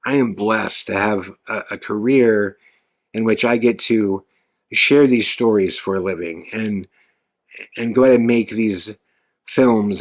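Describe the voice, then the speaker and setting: A man hosting a podcast, telling a story in a casual, animated way, swearing freely and jumping his voice up when he quotes himself. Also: fairly low pitch. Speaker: podcast host and filmmaker.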